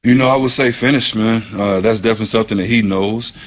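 Deep-voiced man, football coach. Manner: measured, with many filler ums and you knows. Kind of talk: casual interview answers.

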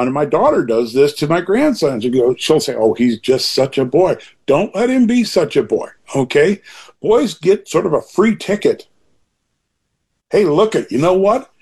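Husky older man, earnest and rambling. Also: on the high side. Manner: earnest, rambling with frequent restarts and asides. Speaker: author guest being interviewed. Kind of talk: reflective interview talk.

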